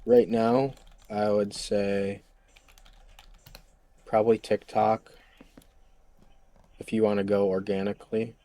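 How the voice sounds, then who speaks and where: A man answering interview questions in a casual, relaxed way, with light swearing. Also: lowish voice, takes it slowly, pauses often. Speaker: guest.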